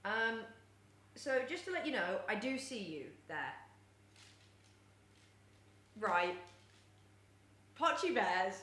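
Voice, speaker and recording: A young woman live-streaming while she bakes at home, chatting casually and often cooing at her cat in a high sing-song voice. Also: very animated, slow, pauses often, fairly bright tone, a little hiss or hum. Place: home kitchen. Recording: echoey kitchen room sound.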